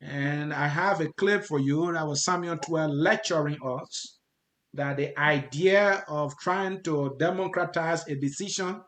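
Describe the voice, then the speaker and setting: A man's voice: fairly high pitch, a little slow, a bit bright, slight background noise. A man from Liberia hosting an interview, conversational and informal, with joking asides. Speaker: interview host.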